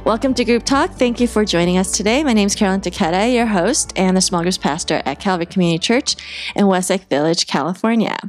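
A woman's voice: medium pitch, fast, faint music behind. A woman pastor hosting a podcast interview, talking in a conversational way with frequent ums and uhs. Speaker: small groups pastor and podcast host.

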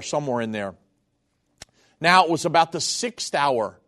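Earnest guy preaching a sermon, slightly high voice, heartfelt, gets loud then soft. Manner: earnest, heartfelt, wide swings in pitch and volume. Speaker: radio preacher.

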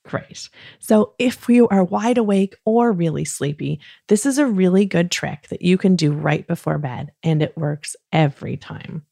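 Woman, bedtime host for children, soothing, low pitch, dry close sound. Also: gravelly, no echo. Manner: soft, slow, soothing, playfully acts out yawns. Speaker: host of a kids bedtime podcast. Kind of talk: gentle bedtime talk to children.

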